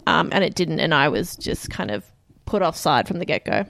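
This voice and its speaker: A woman, co-hosting a casual podcast chat, relaxed and laughing along. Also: low-pitched, a little fast, vocal fry, dry recording, studio quality. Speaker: podcast co-host. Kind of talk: casual chat reviewing a TV show.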